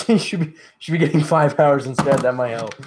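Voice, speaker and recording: This young livestream host sounds sleepy and yawns, yet his fairly high voice is animated at a normal speed. He rambles casually with plenty of fillers, reading chat aloud and responding.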